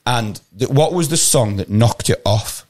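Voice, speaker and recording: A man's voice: medium pitch, lively intonation, measured pace, darkish tone. A man hosting a casual podcast, telling a long pub-quiz story and teasing his co-hosts. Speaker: podcast host.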